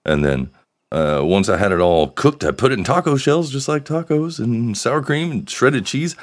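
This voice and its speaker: A man's voice: medium pitch, animated, moderate pace. A man hosting a live solo podcast, rambling and joking with crude humor. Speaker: podcast host.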